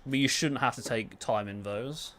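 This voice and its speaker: Casual gaming streamer man, mid pitch. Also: moderate pace, slight background noise. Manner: relaxed, swears casually, answers chat while playing. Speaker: gaming livestreamer. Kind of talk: casual livestream chat.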